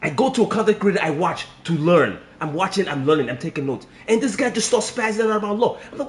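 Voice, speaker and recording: A man delivering a profane fighting-game commentary rant, swinging between low grumbling and shouted outbursts. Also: expressive, fast talker, few pauses, roomy sound. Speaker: fighting game content creator.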